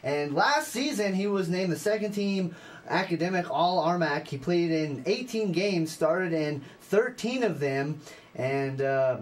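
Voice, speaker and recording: A young man with a fairly high voice hosts a college radio sports hour. He talks in a loose, chatty way and reels off scores and stats, stumbling over restarts and fillers as he goes. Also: animated, measured pace. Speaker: sports radio show host.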